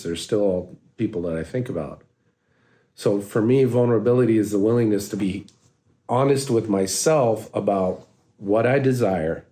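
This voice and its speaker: Man in his forties, earnest life coach, low mellow voice, halting reflective talk. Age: 40s. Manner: soft-spoken, earnest, halting with restarts. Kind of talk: reflective monologue.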